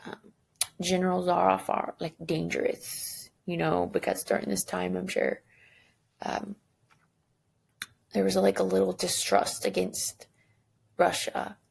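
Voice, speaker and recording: A woman's voice: fairly low pitch, vocal fry, a little mellow, husky. A woman teacher giving a recorded lesson, chatty and self-deprecating, thinking aloud as she goes.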